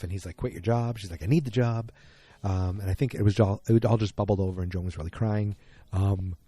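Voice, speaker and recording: A man's voice: fairly low pitch, mellow, husky. A man hosting a solo podcast, recapping a TV episode in an opinionated, rambling way with lots of fillers and restarts. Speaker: podcast host.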